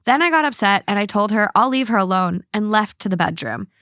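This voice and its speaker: A woman's voice: medium pitch, expressive, fairly quick, a bit bright, no echo, studio quality. A woman hosting a podcast, chatting casually, swearing freely and reading online posts aloud. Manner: swears freely, blunt opinions. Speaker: podcast host.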